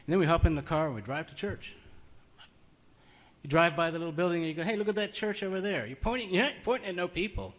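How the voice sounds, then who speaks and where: A man's voice: fairly high pitch, fast talker, fairly bright tone. Folksy man preaching conversationally. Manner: conversational, storytelling, chuckles often. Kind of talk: informal sermon. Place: meeting room.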